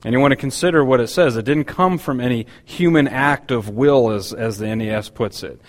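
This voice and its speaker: A man's voice: mid-range voice, fairly quick, in a large hall. A man preaching a Bible-teaching sermon, explaining a passage with frequent restarts and fillers. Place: church hall.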